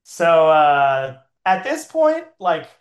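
Man, slightly high voice, rambling comic storyteller, echoey room, cast for loose improv yarns. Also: very animated, very slow. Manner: rambling with frequent "like" fillers and laughs.

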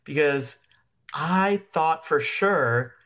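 Dreamy odd woman, tabletop game, drawn-out delivery, slightly high, man doing it. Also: animated, fairly bright tone, heavily acted. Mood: puzzled.

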